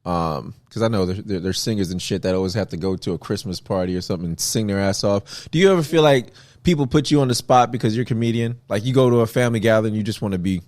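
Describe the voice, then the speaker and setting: A man's voice: on the low side, fast, darkish tone, dry recording. A man co-hosting a podcast, asking questions in casual chat with encouraging interjections. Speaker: podcast co-host.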